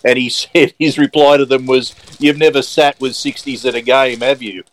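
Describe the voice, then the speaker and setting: A man's voice: medium pitch, steady tone, normal speed, rough recording. Blunt chatty man. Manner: blunt, chatty, hesitant with fillers. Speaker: podcast co-host. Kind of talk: casual sports podcast chat.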